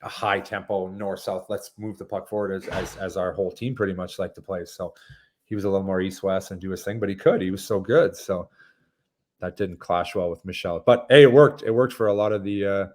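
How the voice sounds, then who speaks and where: A man, a former hockey player, telling stories in a casual interview with animated energy and quick restarts. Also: low voice. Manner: animated storytelling with frequent restarts and laughter.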